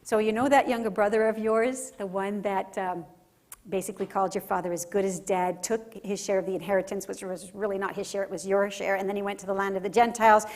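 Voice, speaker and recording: A woman's voice: mid-range voice, fairly even intonation, fast talker, darkish tone, natural voice. A woman voicing a hesitant, gossipy servant. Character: gossipy household servant, wary man.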